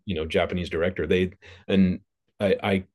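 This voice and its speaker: A man's voice: sits low, level tone, moderate pace, a little mellow. A man hosting an interview, chatty and loose, laughing easily as he tells stories. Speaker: podcast host. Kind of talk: casual interview conversation.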